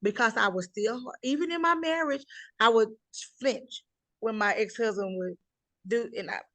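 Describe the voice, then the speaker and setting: A woman's voice: a little high, moderate pace, pushed and bright, no echo. Emphatic middle-aged woman storyteller. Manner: emphatic storyteller, acts out voices in quotes. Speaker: guest telling her life story. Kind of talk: conversational interview.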